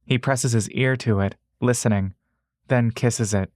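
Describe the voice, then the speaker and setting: A man reading a fantasy story aloud at an unhurried pace, steady and measured. The sound is dry and close, with no room around it. He speaks to the listener as "you" throughout. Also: medium pitch, no room sound. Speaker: narrator. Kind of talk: second-person audiobook narration.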